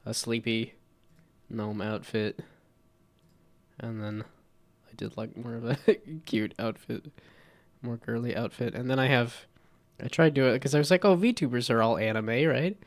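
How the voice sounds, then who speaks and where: A man's voice: mid-range voice, fairly even intonation, measured pace, pauses often. A man chatting casually on a live stream while he works, congested from a cold, rambling and self-deprecating with frequent laughs.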